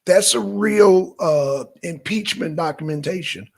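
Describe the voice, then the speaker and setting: Southern man with a Georgia accent, a gravelly, husky livestream host, chatty and talking straight to his viewers. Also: sits high, a little slow. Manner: chatty, addresses viewers directly, gives shout-outs. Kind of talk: casual political livestream commentary.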